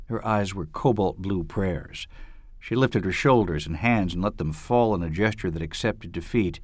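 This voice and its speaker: A man reading a novel aloud in a dramatic, expressive narrating manner. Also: sits low, normal speed, dry recording, clean studio sound. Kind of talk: audiobook reading.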